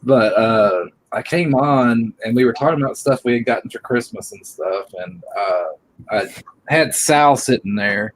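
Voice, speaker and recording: A man's voice: mid-range voice, unhurried, low-quality recording. A middle-aged man hosting a live stream, chatting in a rambling, friendly way full of fillers. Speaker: coin channel host. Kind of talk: casual chat on a live stream.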